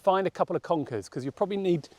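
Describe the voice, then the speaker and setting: A man speaking calmly and reassuringly in a casual vlog, then explaining a game playfully. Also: sits high, very fast, no echo. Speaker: host. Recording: recording with noticeable background noise.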